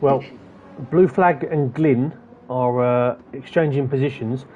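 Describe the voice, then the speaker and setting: Male sim-racing commentator, mellow and chatty, muffled online stream sound. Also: medium pitch, a little slow, slight background noise. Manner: chatty, rattles off positions and gaps. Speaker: race commentator.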